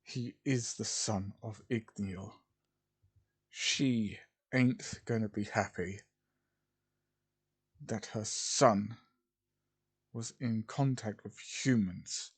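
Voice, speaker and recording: A grim villain underling speaks in a low, flat way, read out by a man. It sounds close to a plain, slow reading voice. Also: slightly rough, heavily acted.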